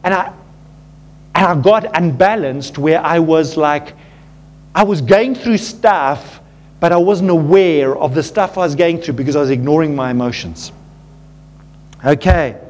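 A pastor preaches a sermon earnestly and with animation, calling his listeners "folks" and dropping low and quiet at tender moments. He keeps a measured pace and pauses often.

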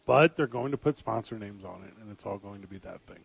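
A man's voice: lowish voice, fast talker, gravelly, slightly rough, no echo. Joking guy with a dry close sound. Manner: joking, rambling, riffs with fillers. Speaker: podcast co-host. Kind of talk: casual sports chat.

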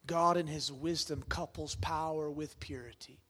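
A man preaching a sermon to a congregation, asking them questions and swinging from loud bursts down to hushed near-whispers. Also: a little high, normal speed, few pauses. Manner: conversational, asks the congregation questions. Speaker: pastor.

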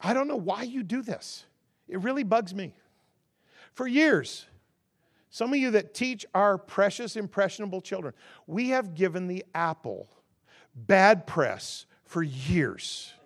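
A man preaching as a guest, stacking rhythmic contrasts that swell loud and then dropping into a relaxed, conversational and humorous storytelling tone. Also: measured pace. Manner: rhythmic call-and-response contrasts, rising to loud emphasis then dropping low. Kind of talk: sermon.

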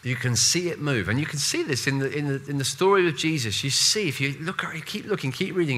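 A man preaching a sermon in a conversational, animated way, with playful asides and voiced quotes. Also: a little high, quick pace, hardly any pauses.

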